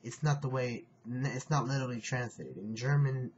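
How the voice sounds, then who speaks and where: A man teaching a phrase on his video channel, speaking slowly and carefully, repeating each phrase and clearing his throat now and then. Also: medium pitch. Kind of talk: casual home video lesson. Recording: dull lo-fi home recording, faint hiss.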